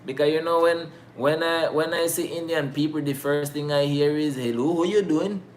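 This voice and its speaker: A man's voice: a little high, level tone, moderate pace, a little hiss or hum. A young man from Nicaragua, hosting a casual, rambling, slang-heavy chat. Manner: laid-back, slangy, rambling with many fillers. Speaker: host.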